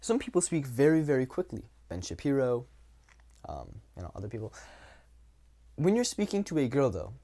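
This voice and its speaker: A man's voice: mid-range voice, big pitch swings, normal speed, long pauses, dark tone. A young man coaching viewers on dating in a casual, blunt way, swearing now and then and acting out examples. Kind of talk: casual talking-head advice.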